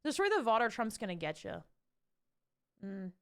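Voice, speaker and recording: A young woman streaming live, chatting and ranting to her viewers in an animated way, swearing casually. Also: on the high side, normal speed, smooth. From Canada. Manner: animated, ranty, swears casually, talks to chat.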